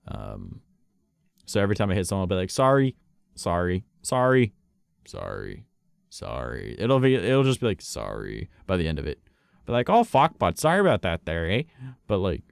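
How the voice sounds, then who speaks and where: A man's voice: deep voice, a little mellow, dry recording, clean studio sound. A man streaming live, chatting casually with viewers in a rambling way, swearing and laughing often.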